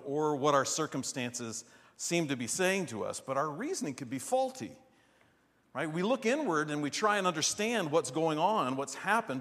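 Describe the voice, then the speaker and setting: A man preaching a sermon in an animated, rhetorical way, often asking "right?". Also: medium pitch. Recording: long hall reverb.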